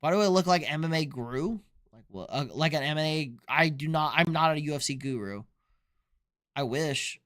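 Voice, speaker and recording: A man's voice: a little high, moderate pace, fairly bright tone. A young man on a casual live sports stream, drinking beer and answering chat in a loose, profane way. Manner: loose, profane, reads chat questions aloud.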